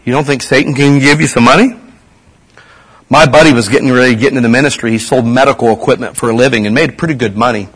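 A man's voice: mid-range voice, steady tone, quick pace, fairly bright tone, breathy edge, low-quality recording. A man preaching a sermon in a conversational way, asking his audience rhetorical questions.

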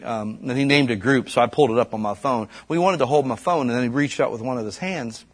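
A husky, breathy male preacher tells stories in a sermon in a relaxed, chatty way. When a point lands, his voice climbs sharply and grows louder and more fervent. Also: fast. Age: adult parent. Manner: storytelling, climbing high and loud when stirred.

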